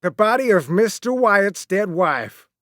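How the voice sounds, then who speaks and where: A man's voice: sits high, big pitch swings, unhurried, a bit bright, no room sound, studio quality, voice pushed up, full character voice. A man voicing a stern male ship captain who barks commands, in a storybook reading. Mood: grave. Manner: barking orders.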